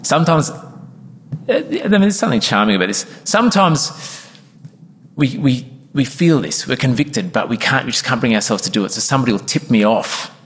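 Man, pastor preaching, earnest, emphatic, mid-pitched voice, reverberant church hall. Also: expressive, fairly quick. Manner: earnest and emphatic, acts out congregation members in quoted asides. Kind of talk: sermon.

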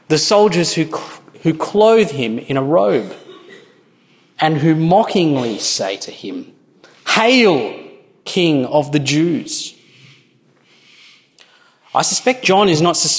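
A man preaching a sermon in an earnest, measured way, with small restarts. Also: fairly high pitch, a bit bright.

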